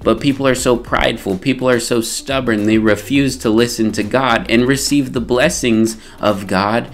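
A man giving a morning devotional sermon, reading scripture slowly and earnestly. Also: mid-range voice, fairly even intonation. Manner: slow, earnest, reads scripture aloud. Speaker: preacher. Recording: soft music bed behind voice.

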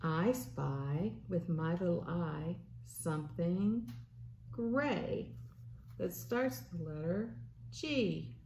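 Slow, sing-song storytime woman. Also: lowish voice, lively intonation, darkish tone, slight background noise. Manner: sing-song, slow, playful, asks little listeners questions. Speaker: children's librarian. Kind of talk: storytime for babies and toddlers.

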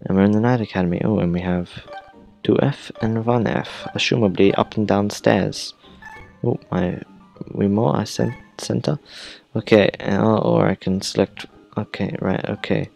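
Low gravelly young gamer. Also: male voice, steady tone, moderate pace, darkish tone, faint music behind, poor audio. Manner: thinks aloud, reacts to tutorials. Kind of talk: casual let's-play commentary.

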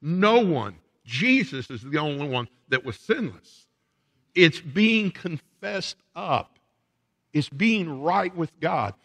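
A man's voice: on the high side, big pitch swings, slow, fairly bright tone, big-room sound. A male pastor preaching a sermon in a church sanctuary, laying out his points one by one with emphasis.

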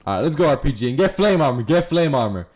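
A man giving casual, profane gameplay commentary as a streamer, excitable and prone to yelling. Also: a little high, fast, over music. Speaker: gaming streamer. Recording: noisy game audio behind.

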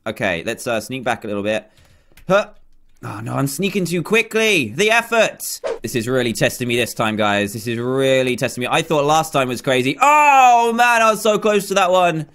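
A man's voice: medium pitch, sing-song, normal speed, fairly bright tone, smooth. A young man commentating his own game play, chatty, self-mocking and easily flustered. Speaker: gaming YouTuber.

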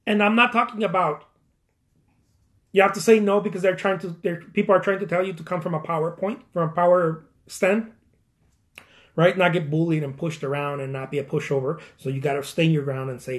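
A man's voice: on the high side, steady tone. A man, a painter, giving casual motivational career advice in a rambling way, repeating words and laughing at himself. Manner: quoting others in quick acted asides.

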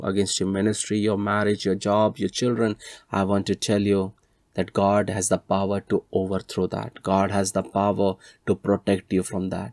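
A man's voice: fairly low pitch, a little mellow, dry recording. A man preaching a sermon, retelling scripture stories in an earnest storytelling way and building to emphatic appeals.

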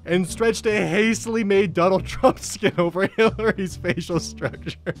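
A man's voice: high-pitched, a little slow, faint music behind. An American man hosting, reading funny posts aloud in a casual comedic way, often breaking into laughter.

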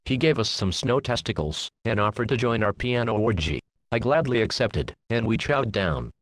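Deadpan man narrating a parody storybook. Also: on the low side, moderate pace, no room sound. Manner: deadpan with crude jokes.

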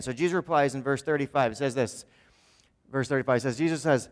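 A man's voice: medium pitch, fast talker, in a large hall. A man preaching a sermon as pastor, talking conversationally and often checking in with "right?". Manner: acts out quoted speakers in changed voices. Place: church sanctuary.

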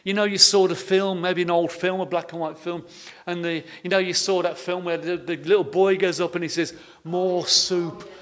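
A man's voice: high voice, fairly even intonation, a little fast, fairly bright tone. A man preaching a sermon, telling stories in a homely way and often repeating his words. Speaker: pastor. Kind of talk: sermon with storytelling.

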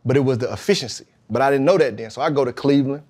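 Speaking very fast at a medium pitch, this podcast guest, a man who plays pro football, recounts something from his own life. His casual talk leans on slang and keeps circling back to "you know what I mean," and he animatedly performs the lines people said.

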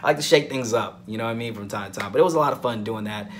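A man's voice: fairly low pitch, racing, slight background noise. A man casually reviewing soap operas on his vlog, repeating points and calling his viewers guys. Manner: animated, repeats himself, addresses viewers as guys.

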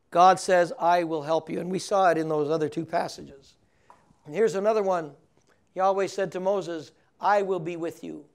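A man's voice: high voice, creaky. An older male priest teaching on scripture, reading passages aloud, chuckling often and checking in with his listeners. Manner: chuckles often, reads scripture aloud, asks the audience questions. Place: recorded for television broadcast.

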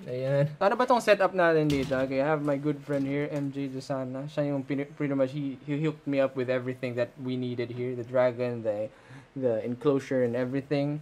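A man's voice: mid-range voice, slight background noise. A man vlogging in a room, joking crudely and mixing in Tagalog. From Philippines. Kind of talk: casual chat. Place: a room at home.

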